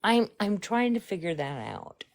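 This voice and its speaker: A woman speculating in a slow, suspicious way during a casual live stream chat. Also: medium pitch, sing-song.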